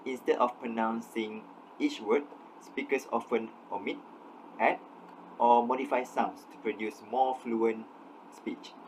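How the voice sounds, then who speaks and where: A man's voice: mid-range voice, unhurried, a little hiss or hum, rough recording. A man giving an academic class presentation, steadily reading out definitions and examples. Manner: steady, read-out explanation with definitions. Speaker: student presenter.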